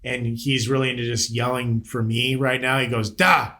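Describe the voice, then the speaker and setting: A man's voice: medium pitch, little pitch movement, moderate pace, fairly bright tone. Casual, cursing male podcast host. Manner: blunt, swears freely, jokey. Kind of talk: casual interview chat.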